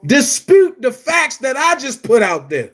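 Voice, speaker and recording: Man with a super high voice going off on a vlog, mad, cussing, yelling a lot. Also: big pitch swings, a little slow. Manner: angry, profane, often shouting; blunt and emphatic, repeats phrases. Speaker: online commentary host. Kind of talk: heated vlog rant.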